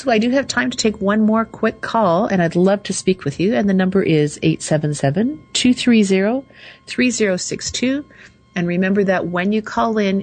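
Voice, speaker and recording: A woman hosting a call-in radio show, slowly and soothingly guiding listeners through affirmations. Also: medium pitch, darkish tone, rough recording. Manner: slow, soothing, guides affirmations. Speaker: radio show host and coach.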